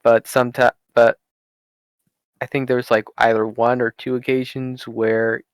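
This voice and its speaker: A man narrating as game master in a tabletop game over voice chat, halting and full of fillers. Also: medium pitch, little pitch movement, clear, resonant tone, no room sound. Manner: halting, many fillers and restarts.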